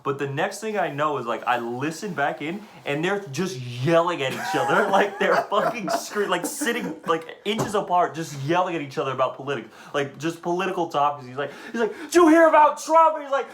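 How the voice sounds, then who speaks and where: Young man, podcast co-host, somewhat high voice, casual, profane storytelling. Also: a little fast, few pauses. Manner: laughing, profane, animated storyteller.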